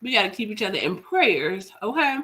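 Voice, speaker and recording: A young woman with flu, hoarse and congested, casually chatting with live-stream viewers while eating, slangy with laughing asides. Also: mid-range voice, very animated, fairly quick, a bit bright.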